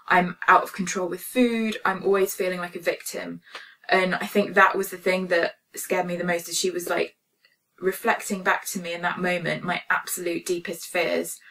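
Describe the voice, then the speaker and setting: A woman's voice: fairly low pitch, far from the mic. A woman telling a personal story as a spiritual healing vlogger, earnest and emotional with many fillers. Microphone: phone camera.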